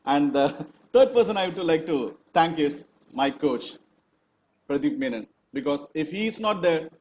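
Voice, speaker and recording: Earnest Indian man, high voice, echoey call. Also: expressive, a little mellow, slight background noise. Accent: Indian English. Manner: earnest, halting with fillers, rousing. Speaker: speaker on a launch call. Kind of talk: motivational testimonial. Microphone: video call. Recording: echoey, dull video call audio.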